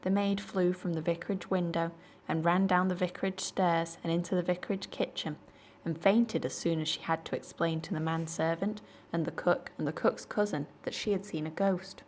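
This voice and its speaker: Woman, storybook reading, lowish voice, clear measured narration. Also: steady tone, a little mellow, a little hiss or hum. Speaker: library storyteller.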